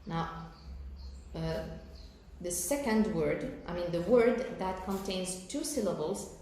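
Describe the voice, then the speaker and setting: A woman with an Algerian accent teaching an English lesson, explaining slowly and carefully with fillers and frequent "okay?" checks. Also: on the low side, warm tone. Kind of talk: recorded televised lesson. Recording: very echoey room with faint background noise.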